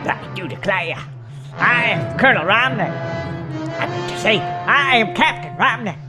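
A man's voice: high voice, big pitch swings, loud music behind the voice. A man voicing a pompous impostor captain with a put-on Southern US drawl in a comedy audio play. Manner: slow, drawling, grandiloquent. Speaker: voice actor.

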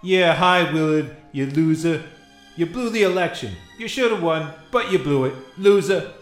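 Guy doing a loud-mouthed ghost tycoon, bit high, insults everybody, echoey room. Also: lively intonation, normal speed, soft background music, close to an everyday voice. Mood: taunting. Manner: brash, insults everyone as losers. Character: brash insulting male ghost, mogul impression. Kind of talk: comedy radio-play acting. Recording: roomy echo.

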